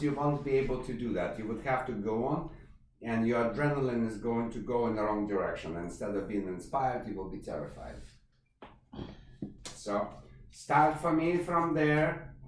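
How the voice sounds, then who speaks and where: A man teaching a one-on-one violin lesson, direct and demanding, giving quick commands between a student's playing. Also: mid-range voice, slight background noise. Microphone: far camera. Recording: echoey room from far off, loud violin.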